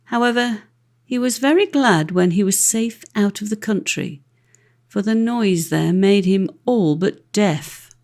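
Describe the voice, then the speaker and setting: A woman narrating a classic fairy-tale audiobook with an expressive, lively reading. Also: mid-range voice, a little slow. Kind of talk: storybook narration.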